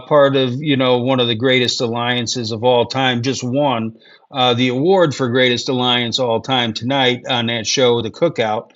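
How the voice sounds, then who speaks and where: A man's voice: medium pitch, fairly bright tone. A middle-aged man from Wisconsin co-hosting a casual podcast, ranting and swearing, with lots of fillers and rambling asides. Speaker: podcast co-host. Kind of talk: casual chat. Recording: dull lo-fi sound.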